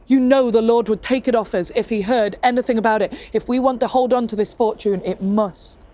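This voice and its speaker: A sly, wheedling woodcarver bluffs and talks fast to cover his tracks, as a woman storyteller puts him on. The voice swings from eager and high to low and hushed. Fast-talking storybook fun. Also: close to an everyday voice. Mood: scheming. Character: scheming sly male woodcarver, quick with excuses.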